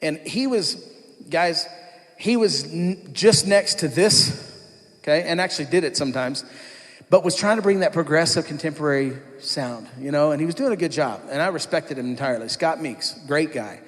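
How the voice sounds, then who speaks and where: A man's voice: a little high, moderate pace. A man telling his personal testimony to a church congregation in a conversational storytelling way, acting out what others said. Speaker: church worship leader giving his testimony. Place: church sanctuary. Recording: long church-hall reverb.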